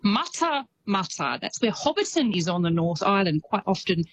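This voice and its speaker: A woman's voice: lowish voice, very animated, fairly quick, muffled recording, a little hiss or hum. A woman with an Australian accent, talking casually and with enthusiasm as a radio correspondent. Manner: chatty, enthusiastic.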